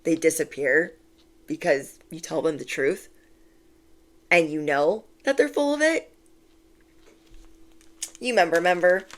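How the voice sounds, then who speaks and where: Low-voiced woman doing tarot readings. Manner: chatty and animated, acts out quoted voices; reassuring, repeats key phrases. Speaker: tarot reader. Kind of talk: casual tarot reading to camera.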